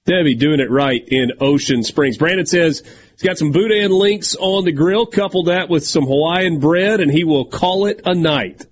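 A man's voice: a little high, moderate pace, a little hiss or hum. A man hosting sports talk radio, teasing his co-host and reading listener messages aloud.

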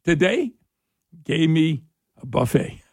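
A middle-aged man hosting a political talk radio monologue. He laughs and mocks as he talks, getting excited. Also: a little high, slow pace, slightly rough, no room sound, studio quality.

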